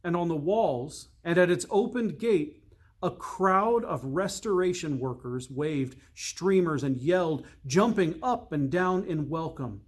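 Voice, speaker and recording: A priest reading a storybook aloud, slow and measured, dropping to a hush for suspense. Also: male voice, on the high side, expressive.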